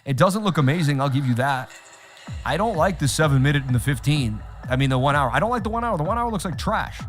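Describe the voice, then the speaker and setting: A man hosting a live trading stream, talking straight to his chat in an animated, repetitive way. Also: fairly high pitch, fast, faint music behind. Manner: animated, repeats himself, talks straight to chat. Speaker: livestream host. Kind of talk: casual livestream chat.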